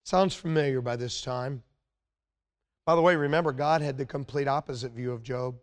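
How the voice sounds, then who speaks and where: A middle-aged man preaching a sermon in a conversational, emphatic way, growing more intense as he speaks. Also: normal speed. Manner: conversational, emphatic, rises in pitch when stirred.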